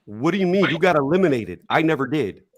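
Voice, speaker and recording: A man's voice: on the high side, animated, quick pace, a crowd in the background. A man on a heated online debate panel, defending himself insistently and laying out his side over a video call.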